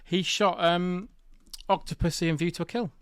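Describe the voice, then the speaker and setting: A man hosting a comedy podcast, chatting loosely and jokily with his guests. His voice sits a little high. Now and then he slips into silly put-on voices. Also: moderate pace, clear, resonant tone. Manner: jokey, puts on silly voices. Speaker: podcast host. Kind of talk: casual comedy podcast chat.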